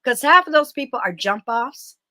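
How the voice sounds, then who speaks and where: A woman with a high, bright voice talks in a blunt, animated, profane way. Her sound is dry and close. She rambles with restarts as she chats. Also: normal speed, no room sound. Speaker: guest commentator. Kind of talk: casual chat.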